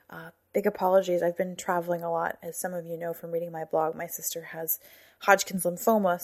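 A woman in her thirties narrating a story for her podcast, calm and measured. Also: lowish voice. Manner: calm, soft-spoken and measured. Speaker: author and narrator of a fiction podcast.

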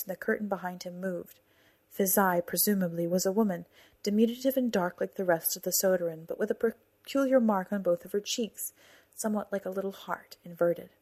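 Soft, breathy woman narrating a story. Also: mid-range voice. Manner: calm, soft-spoken and measured. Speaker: author and narrator of a fiction podcast. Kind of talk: storybook narration and casual podcast notes.

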